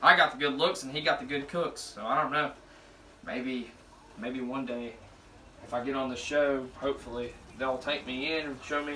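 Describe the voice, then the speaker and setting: A young man in his twenties from Alabama rambling and joking in slang while he cooks, pitching himself for a cooking show. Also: fairly even intonation, normal speed, sharp tone. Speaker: show applicant. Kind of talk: casual audition vlog while cooking. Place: home kitchen. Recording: echoey kitchen, voice from far off, faint noise.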